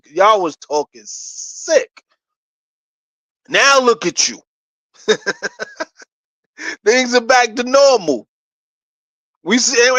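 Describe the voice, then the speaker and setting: Trash-talking New York man, high voice. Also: a bit bright, dry recording. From New York City. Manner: boastful, trash-talking, laughs between points. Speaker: sports channel host. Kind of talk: casual fan commentary.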